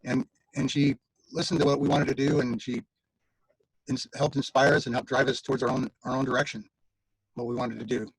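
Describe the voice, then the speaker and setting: A man giving an informal eulogy for his mother over a video call, halting, with many fillers and restarts. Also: medium pitch, little pitch movement, husky, poor audio. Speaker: son speaking at mother's online funeral.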